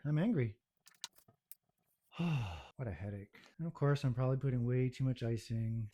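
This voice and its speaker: Baking in his home kitchen, a vlogger with an average-pitched voice chats casually to the camera. His running commentary is a stream of self-deprecating, exasperated muttering aimed partly at himself and partly at his audience.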